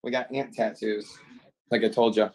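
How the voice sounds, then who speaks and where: A man's voice: on the low side, level tone, normal speed, darkish tone, low-quality recording. Rambling man on a video call. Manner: long-winded, meandering, filler-heavy. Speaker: defendant in a court hearing. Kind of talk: rambling joke storytelling.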